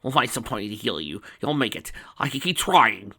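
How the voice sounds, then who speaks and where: A man's voice: fairly low pitch, sing-song, a little fast, sharp tone, husky, full character voice. Discord, a pleading male chaos creature, read by a man. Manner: pleading, emotional.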